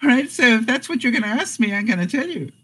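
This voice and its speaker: A woman's voice: a little high, a bit bright, slightly rough, poor audio. A woman hosting a casual live stream, reading out jokes and viewer comments and laughing often.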